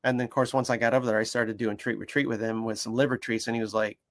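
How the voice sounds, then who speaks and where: A man who works as a dog behaviour consultant, chatting casually and telling stories passionately, acting out the voices of the people and animals in them. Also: quick pace. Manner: animated, acts out quoted voices with big pitch jumps; emphatic and passionate. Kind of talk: casual conversational storytelling.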